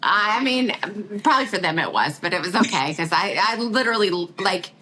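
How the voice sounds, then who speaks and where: A woman's voice: medium pitch, brisk, background noise. A middle-aged woman chatting as a podcast guest, telling stories with lots of laughter. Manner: laughing, animated storytelling with quoted voices. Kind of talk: casual chat.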